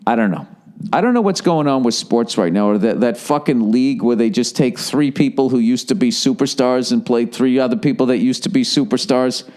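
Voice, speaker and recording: A man's voice: mid-range voice, fairly quick, a little mellow. A man in his forties hosting a solo podcast from home, ranting profanely and sarcastically and mocking people in put-on voices. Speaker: podcast host. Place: home in Los Angeles.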